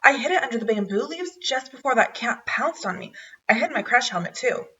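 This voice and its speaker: A woman's voice: fairly high pitch, animated, a little fast, pushed and bright, husky, recorded from a distance, dull audio, heavily acted. A woman voicing a small, eager male mouse who pleads and coaxes in a raised voice. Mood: urgent.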